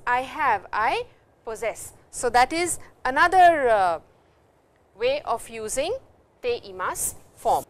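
A woman's voice: on the high side, animated, takes it slowly, a little hiss or hum. A woman with an Indian English accent teaching a recorded Japanese language lecture, reading example sentences and explaining them in English.

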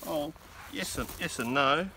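A man's voice: fairly high pitch, a little slow, pushed and bright, recorded from a distance, a little hiss or hum. An Australian man out metal detecting outdoors, replying briefly and easily in casual chat. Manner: easygoing, brief replies. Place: dry field outdoors.

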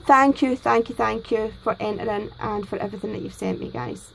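A Scottish woman hosting a crafting vlog, gushing excitedly and a bit nervously over gifts. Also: medium pitch, brisk, gravelly, noisy background. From Scotland. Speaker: crafting channel host. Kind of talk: casual unboxing vlog.

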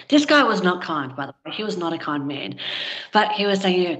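A woman in her thirties speaks as an interview guest, recounting a story candidly with plenty of fillers. Her voice sits a little low. The recording sounds slightly dull and lo-fi. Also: expressive, a little fast, a bit bright. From Australia. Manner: candid, conversational, frequent fillers.

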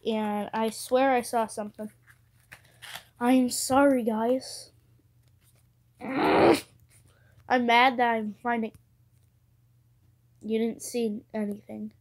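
Slow-talking high-voiced woman chatting. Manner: chatty, muttering to herself, bursts of excitement. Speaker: card-opening vlogger. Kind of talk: casual chat while opening cards.

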